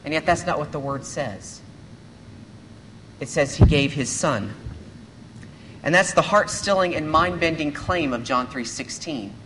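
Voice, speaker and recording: A man serving as a pastor, giving a sermon to a church congregation in an earnest, measured way, often posing rhetorical questions. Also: on the high side, animated, background noise.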